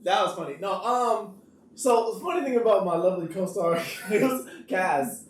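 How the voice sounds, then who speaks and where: A young man, an actor, chatting casually in an interview and telling stories in an animated way with frequent laughter. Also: high voice, moderate pace, recorded from a distance. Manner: animated storyteller who laughs often and acts out quotes. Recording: roomy echo, off-mic, faint background hiss.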